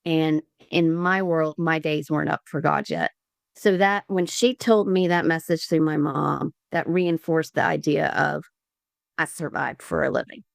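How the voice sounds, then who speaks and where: Woman, gravelly, dry recording, earnest, restarts a lot, podcast guest storytelling. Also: deep voice, steady tone, dry recording. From Columbus, Georgia, US. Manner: earnest, halting, many restarts, voices quoted people. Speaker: podcast guest, liver transplant recipient. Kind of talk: candid conversational storytelling.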